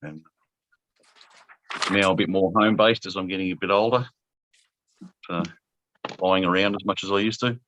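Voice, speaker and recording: A man's voice: low voice, fairly even intonation, normal speed, pauses often, a bit bright, no echo, highs cut off. A middle-aged Australian man hosting a casual video chat, easygoing and chuckling. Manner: easygoing, laid-back, chuckling. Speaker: host.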